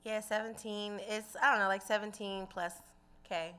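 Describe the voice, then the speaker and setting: A woman's voice: medium pitch, steady tone, moderate pace, pushed and bright, clean tone. A young woman from New Jersey, a singer and guest, chatting in an outspoken, chatty way. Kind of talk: casual interview chat.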